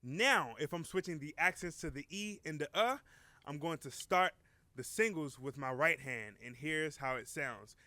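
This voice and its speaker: A man giving a relaxed, encouraging drum lesson and counting beats aloud. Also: on the high side, moderate pace, no echo. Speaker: drum teacher. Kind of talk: casual instructional talk.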